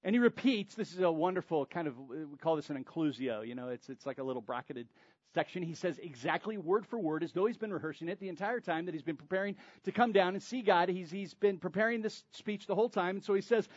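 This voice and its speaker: A man preaching a sermon, dramatic, swinging between loud emphasis and near-whispers. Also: high-pitched, quick pace, dry recording, highs cut off. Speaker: pastor.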